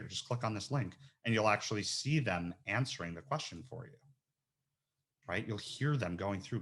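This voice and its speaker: A man running a casual webinar demo as a recruiter, talking in an energetic, slangy, animated way. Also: mid-range voice. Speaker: recruiter giving a software training.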